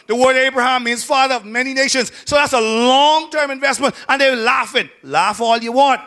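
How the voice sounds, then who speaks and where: A pastor delivers his sermon in a strikingly high voice with a sharp, bright edge. He shouts his big points, then sinks to quiet, low asides. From Bahamas.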